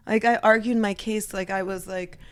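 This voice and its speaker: A woman co-hosting a casual podcast chat, animated and laughing often, acting out what people said. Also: medium pitch, moderate pace. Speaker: podcast co-host.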